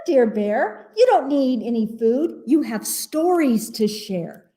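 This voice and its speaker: Expressive woman reading a picture book. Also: on the high side, slow pace, hardly any pauses. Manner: expressive, playful storybook reading with asides. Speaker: library storytime reader. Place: library.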